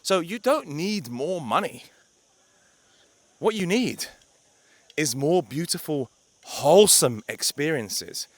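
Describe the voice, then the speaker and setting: A man's voice: on the high side, sing-song, slow pace, pauses often, dry recording. A young man talking to camera outdoors by a beach, a blunt, emphatic life coach who swears for emphasis.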